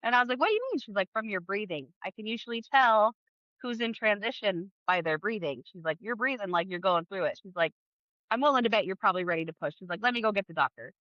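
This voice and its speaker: A woman in her thirties, a podcast guest, telling her birth story in a casual, animated way, acting out the people she quotes. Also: medium pitch, quick pace, no room sound, lo-fi sound. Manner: animated, acts out quoted dialogue, laughs often.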